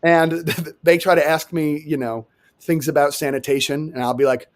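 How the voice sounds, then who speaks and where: Animated sarcastic young man, higher voice. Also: normal speed. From New York. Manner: animated, sarcastic, swears freely. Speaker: podcast co-host. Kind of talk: casual comedic chat.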